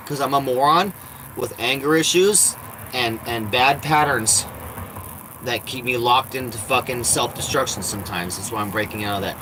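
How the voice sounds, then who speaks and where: Vlogging casually from inside his RV, a man rambles bluntly and swears often, switching to baby talk for his cats. His voice is medium in pitch and animated at a normal speed, with background noise.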